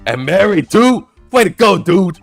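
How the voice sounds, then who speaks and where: Brief: a man playing a nosy, overexcited young goofball in a game, pitched up and loud. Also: measured pace, gravelly, soft background music, full character voice. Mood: teasing. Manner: excitable, loud, brash.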